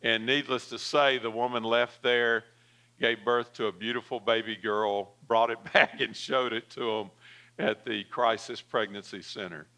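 A man's voice: mid-range voice, fairly even intonation, a little slow, pushed and bright. A male pastor delivering a sermon, telling a story with frequent fillers and calling for an amen.

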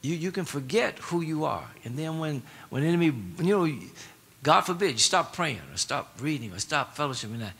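Preacher guy, kinda high voice, really bright, keeps repeating himself and calling on the crowd. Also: animated, moderate pace, gravelly, husky. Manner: repetitive, call-and-response prompts to the congregation; casual colloquial phrasing. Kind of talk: sermon.

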